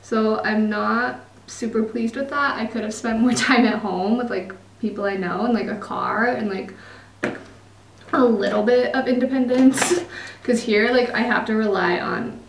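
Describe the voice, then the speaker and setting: A woman's voice: on the high side, fairly even intonation, measured pace, echoey room, recorded from a distance, a little hiss or hum, poor audio. A young woman from Utah with an American accent, chatting casually to camera in a vlog, laughing often and using lots of fillers. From Utah, United States. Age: young adult. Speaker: vlogger.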